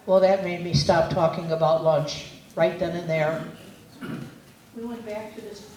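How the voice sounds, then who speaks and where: A woman's voice: on the low side, a little slow, long pauses, mellow, a little hiss or hum. A woman with a Midwestern American accent, telling earnest, meandering stories with many fillers in a public speech at a community festival. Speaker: festival speaker. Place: outdoor community festival stage. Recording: echoey, distant PA with faint ambience.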